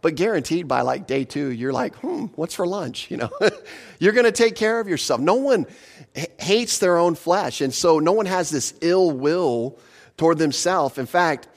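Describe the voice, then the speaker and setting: A man's voice: a little high, expressive. Man preaching in a conversational way. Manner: conversational, asks the listeners questions; slows for emphasis on scripture. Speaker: pastor. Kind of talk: sermon.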